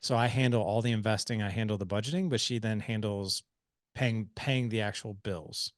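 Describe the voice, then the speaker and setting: A man in his forties hosting a podcast interview, telling stories in an emphatic, animated way. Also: on the low side, normal speed, dry recording, clean studio sound. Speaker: podcast host. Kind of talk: conversational interview.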